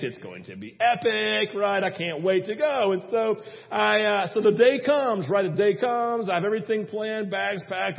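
Man, young adult, pastor, high voice, animated storytelling, church hall reverb, dull sound. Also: creaky. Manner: animated storytelling, acts out his own panicked prayers. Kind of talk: sermon. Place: church sanctuary.

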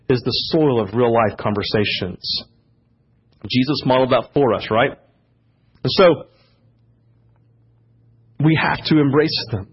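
A man preaching a sermon as pastor, growing louder and higher when he gets fired up. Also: slightly rough. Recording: dull lo-fi church audio.

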